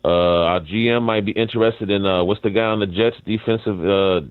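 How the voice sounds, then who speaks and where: A man calling in to a sports radio show, an excited fan who rambles. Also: lowish voice, brisk, no echo. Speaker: caller. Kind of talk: casual call-in chat. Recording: tinny phone line.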